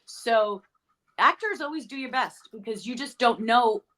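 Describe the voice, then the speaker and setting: A middle-aged actress guest telling stories in a chatty interview, often correcting herself mid-sentence. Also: female voice, fairly high pitch, animated, unhurried, fairly bright tone. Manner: chatty, storytelling, self-correcting. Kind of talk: casual interview chat.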